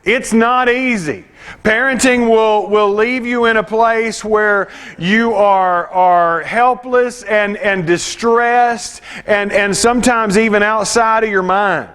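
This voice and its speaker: A man's voice: high voice, slow pace, fairly bright tone, clean tone. A man preaching a sermon, reading scripture and then telling personal stories in a conversational, self-deprecating way, with frequent restarts. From United States.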